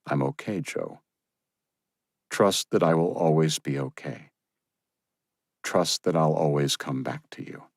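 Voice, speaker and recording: A man's voice: very deep voice, slow, long pauses, no echo, clean studio sound, full character voice. A man doing a wry, wounded male captain. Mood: wry, calm. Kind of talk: audiobook character reading.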